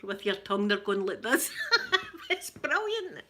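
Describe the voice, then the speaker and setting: A Glaswegian woman in her forties chats with her live-stream viewers, joking as she goes and breaking into laughter. Her voice is bright, and her tone is light and lively throughout. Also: medium pitch, moderate pace. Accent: Glaswegian Scottish. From Scotland. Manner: chatty and joking, with bursts of laughter. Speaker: livestream host chatting with viewers. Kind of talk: casual live-stream chat.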